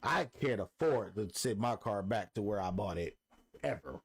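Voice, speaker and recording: A man co-hosting a casual podcast chat, an animated storyteller who acts out quotes. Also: fairly low pitch, normal speed, a little hiss or hum. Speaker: podcast co-host.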